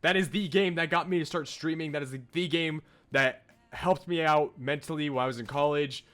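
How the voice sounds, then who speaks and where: A man's voice: a little high, fairly quick, a bit bright. A young man streaming a game, chatting casually with enthusiastic, gushing commentary and frequent laughs.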